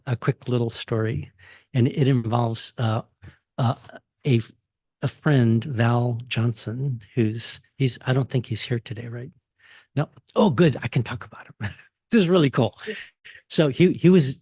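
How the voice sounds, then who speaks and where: A man's voice: mid-range voice, a little slow, darkish tone, breathy edge, no room sound, studio quality. A man in his sixties from Texas, giving a casual university talk full of fillers, restarts and chuckles. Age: 60s. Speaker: guest speaker. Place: lecture hall.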